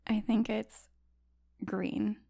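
A playful woman whose voice often drops into a gravelly fry. She chats casually on a podcast, giggling and eagerly playing along. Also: mid-range voice, level tone, extremely slow, mellow. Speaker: podcast co-host. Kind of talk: casual chat.

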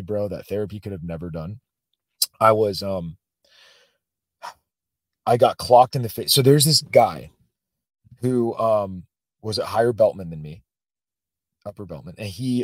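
A man with a low voice recorded close and dry, the way a podcast mic sounds. He tells a story in a casual and animated way, and his level swings from loud bursts down to muttered asides. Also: no room sound. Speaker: podcast guest.

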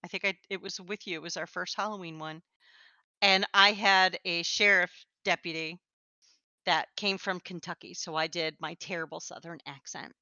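A woman co-hosts a podcast in easygoing chat, chatty and self-deprecating and quick to laugh. Her voice is bright and crisp. The sound is dry and close but slightly dull and lo-fi. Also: fairly low pitch, steady tone, no room sound. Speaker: podcast co-host. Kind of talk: casual chat.

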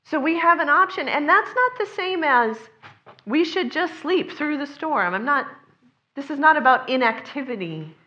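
A woman delivers a sermon in an earnest, conversational tone, her voice sitting a little high. Now and then she slips into other people's voices as she quotes them. The recording sounds slightly dull and lo-fi. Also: lively intonation, moderate pace, sharp tone. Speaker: preacher.

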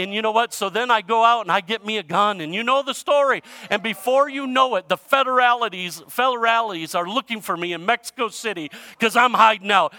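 A man preaching a sermon as a pastor, telling a comic story with animated swings between loud and hushed delivery. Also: high voice, moderate pace, hardly any pauses, no room sound.

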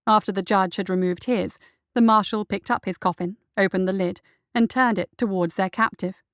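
A woman narrating a dark fantasy story in a steady, even reading voice. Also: medium pitch, normal speed, no echo, studio quality. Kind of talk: audiobook narration.

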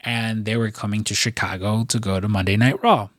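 A man's voice: fairly low pitch, steady tone, brisk, fairly bright tone, no room sound, studio quality. A man co-hosting a casual podcast, talking in a rambling way with lots of fillers and casual swearing. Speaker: podcast co-host.

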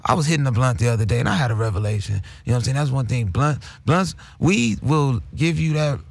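A man in casual chat, laid-back and rambling, with a husky, gravelly voice. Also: mid-range voice, animated, quick pace, no room sound.

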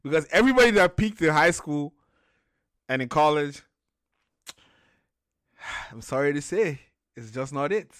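A man's voice: a little high, lively intonation, a little slow, long pauses, a bit bright, clean tone, no room sound, studio quality. A young man from Nigeria, co-hosting a casual chat, joking and emphatic. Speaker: podcast co-host.

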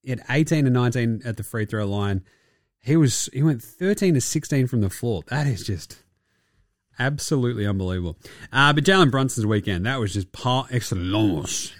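Swearing sarcastic podcast host. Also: male voice, mid-range voice, expressive, moderate pace, no room sound, studio quality. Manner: crude, sarcastic, swears and laughs often. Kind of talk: casual basketball chat.

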